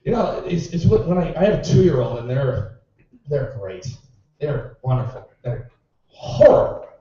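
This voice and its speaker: Sarcastic man doing stand-up, far and boomy. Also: sing-song, moderate pace, warm tone, heavy reverb. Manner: sarcastic, exasperated storytelling. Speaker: amateur stand-up comedian. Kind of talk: stand-up routine. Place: small club stage. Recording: boomy, distant, muffled club recording.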